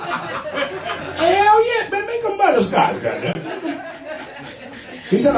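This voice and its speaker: A man with a very high voice, working through a rowdy stand-up roast with crude slang. His pitch swings all over the place as he tells his stories. The sound is echoey and distant, with a crowd laughing all around him. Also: wildly swooping pitch, a little slow, long pauses, over music. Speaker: stand-up comedian. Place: comedy club stage.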